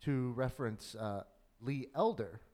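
A man's voice: medium pitch, unhurried, darkish tone. A man co-hosting a casual podcast, telling a story with wry humor. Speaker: co-host.

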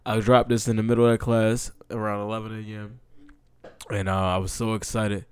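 A young adult man hosting a casual football podcast, excitable and chatty, with loose talk full of fillers and restarts. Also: lowish voice, brisk, smooth, no room sound, clean studio sound. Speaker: podcast host.

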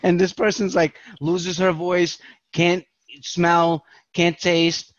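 A man's voice: high voice, level tone, slow, dry recording, lo-fi sound. A man from New York, a podcast host, telling rambling profane stories in casual chat.

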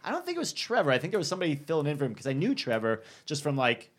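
A man's voice: fairly high pitch, wildly swooping pitch, racing. A man from New England hosting a podcast, chatting casually and laughing easily with his guests. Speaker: podcast host.

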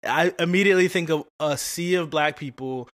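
A man with a somewhat high voice hosts a podcast casually, loose and slangy, given to jokes and filler words. He moves easily between questions and riffs. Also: a little fast. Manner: relaxed, slangy, joking, full of fillers. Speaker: podcast host. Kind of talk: casual conversation.

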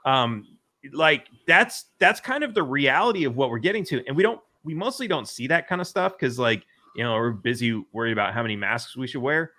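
Rambling, profane man on a bright-toned call. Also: fairly high pitch, big pitch swings, a little fast. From United States. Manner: rambling, profane, full of fillers and restarts. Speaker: podcast host. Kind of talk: casual political chat.

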